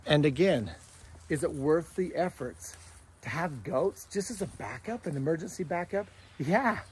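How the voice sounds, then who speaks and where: A man's voice: a little high, expressive, normal speed, breathy edge. A middle-aged man talking casually and earnestly to camera outdoors on his farm, rambling with many restarts. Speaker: homesteader vlogger. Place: outdoors on a farm, goat pen and orchard.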